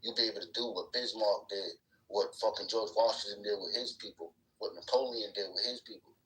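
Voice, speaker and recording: A man's voice: fairly low pitch, fairly quick, fairly bright tone, distant mic, low-quality recording. A man lecturing provocatively in an online voice chat room. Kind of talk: provocative monologue.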